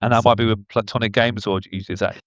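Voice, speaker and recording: A man hosting a podcast interview, asking relaxed questions and offering brief replies. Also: fairly low pitch, fast, no room sound. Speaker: podcast host. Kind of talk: casual interview. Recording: dull, slightly muffled mic.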